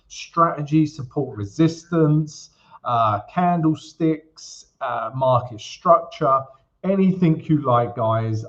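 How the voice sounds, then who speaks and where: Upbeat chatty man, slightly high voice. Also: a bit bright, dull audio. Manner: upbeat, chatty, greets viewers by name. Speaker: trading livestream host. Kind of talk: casual livestream chat and chart walkthrough.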